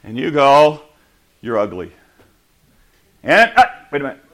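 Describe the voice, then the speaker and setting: Man, pastor, sermon, high voice, playful, animated. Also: fairly quick, background noise. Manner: animated, playful, acts out quotes. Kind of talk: sermon with audience demonstration.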